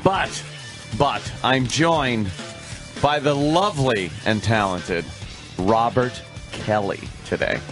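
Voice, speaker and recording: A man hosting a radio show, bantering loudly and cracking jokes. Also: medium pitch, slow, music in the background. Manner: loud, mock-energetic, joking.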